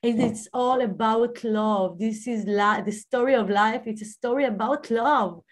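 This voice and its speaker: Woman with halting, searching speech. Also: fairly high pitch. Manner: halting, searching for words, many fillers; swells with emphasis on key phrases. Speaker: guest telling her near-death story. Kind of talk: personal testimony.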